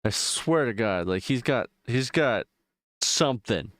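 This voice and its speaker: A man's voice: mid-range voice, lively intonation, a little slow, fairly bright tone, no room sound, clean studio sound. A male streamer chatting casually while gaming, rambling and swearing freely, full of fillers. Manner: rambling, profane, loose retelling with frequent fillers.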